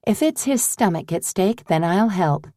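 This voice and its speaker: A woman's voice: medium pitch, lively intonation, moderate pace, dark tone, dry recording, clean studio sound, close to an everyday voice. A woman voicing an earnest, eager young woman who works as a postal clerk. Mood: wary.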